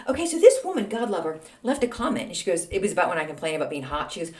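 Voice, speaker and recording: A woman's voice: lowish voice, big pitch swings, very fast, hardly any pauses, dark tone. A woman in her sixties from Texas, hosting a podcast with a chatty, self-mocking, ranting monologue. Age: 60s. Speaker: podcast host. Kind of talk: casual monologue.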